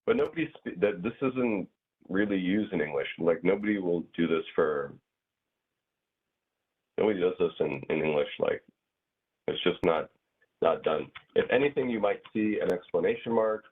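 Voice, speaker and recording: A man with a very low voice gives a relaxed class explanation, hedging and restarting as he goes. His voice is husky and comes through a thin, tinny call line. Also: moderate pace, pauses often. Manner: hesitant, many fillers and restarts. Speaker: grammar teacher. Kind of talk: casual online class explanation.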